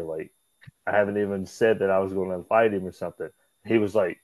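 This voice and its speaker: A man, a pro wrestler, telling backstage stories as an interview guest in a casual, animated way. He, swears freely, calls people "brother," and acts out what others said in a raised voice. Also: low-pitched, fairly quick, no echo, low-quality recording.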